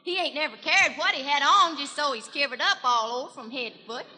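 In a reverberant 1940s radio broadcast from a hall, a woman with a high voice plays a chatty small-town country gossip gal in a comedy monologue. She speaks fairly quickly in a pushed, bright tone with a rural Southern accent, gushing and breathless as she spreads gossip folksily, and she has a cold.

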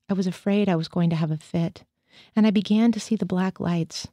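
A woman reads a first-person literary story aloud at a steady, measured pace. Her voice is low and mellow, and it is heard close up with a dry sound. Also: no echo. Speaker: reader. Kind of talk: reading literary fiction aloud.

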